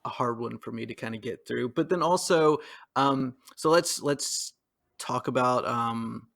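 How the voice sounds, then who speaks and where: A man's voice: medium pitch, measured pace, creaky, a bit bright. A man co-hosting a podcast, talking through his views in a rambling, hesitant way with frequent fillers and laughs. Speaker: podcast co-host. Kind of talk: casual political discussion.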